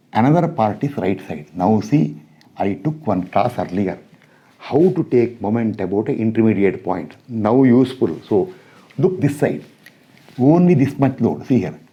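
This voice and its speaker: Engineering teacher guy, really dark husky voice, crunching numbers out loud, dull lo-fi sound. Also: fairly low pitch. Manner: works through calculations aloud step by step; addresses students directly with quick checks. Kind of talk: classroom lecture. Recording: dull lo-fi recording.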